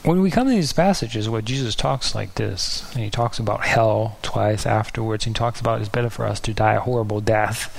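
A man's voice: lowish voice, fairly quick, creaky, few pauses, rough recording. A man preaching a sermon in an earnest, searching way, sometimes losing his place and restarting.

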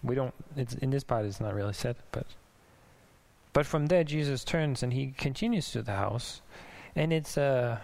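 Gravelly-voiced man preaching casually. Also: medium pitch, moderate pace, a little mellow. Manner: conversational, musing, with restarts and small laughs. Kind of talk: sermon. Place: church in Denmark.

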